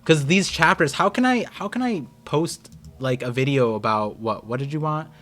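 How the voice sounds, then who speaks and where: A young American man hosting a live stream, chatting casually and excitedly with his viewers. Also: fairly high pitch, normal speed. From United States. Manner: rambling, excitable, talks to chat. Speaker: streamer host.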